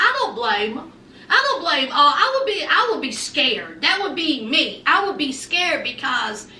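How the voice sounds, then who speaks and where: A woman's voice: sits high, sharp tone, slight background noise. A young woman giving a chatty, sassy recap of a reality show, calling her listeners honey and child. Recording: roomy echo, mic a bit distant.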